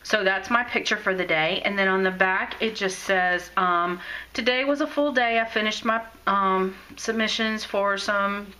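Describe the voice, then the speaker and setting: A woman's voice: medium pitch, unhurried, pushed and bright, poor audio. A middle-aged woman chatting casually about her scrapbook journal, gushing and full of fillers and restarts, at home in her craft room. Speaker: scrapbooking vlogger. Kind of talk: casual show-and-tell chat.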